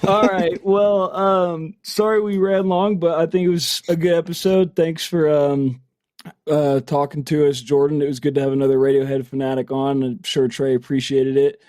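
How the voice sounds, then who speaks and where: High-voiced man, profane banter. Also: little pitch movement, normal speed, darkish tone. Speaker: podcast co-host. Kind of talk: casual podcast chat.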